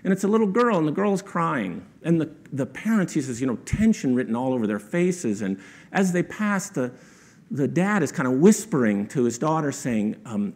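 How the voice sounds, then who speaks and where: A male author speaking as a guest tells an anecdote to a live audience. His somewhat high voice rises and falls a lot. He lifts it further when he quotes others. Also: normal speed. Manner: animated, quotes people in raised voices; conversational with frequent rhetorical "right?".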